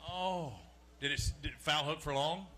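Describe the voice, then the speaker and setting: Man, fishing weigh-in emcee, sharp bright tone, slightly high voice, joking and chatty. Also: fairly even intonation, moderate pace. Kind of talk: live event hosting. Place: outdoor lakeside weigh-in stage.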